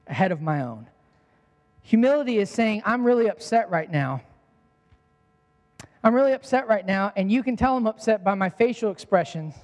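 A man's voice: high voice, a little mellow, in a large hall. A man preaching a sermon as pastor, earnest and repetitive, stressing key phrases.

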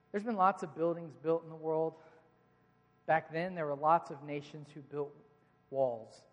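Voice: medium pitch, steady tone, measured pace, in a large hall. A preacher delivering a sermon in a church, speaking in a conversational, joking way and addressing the congregation directly. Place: church sanctuary.

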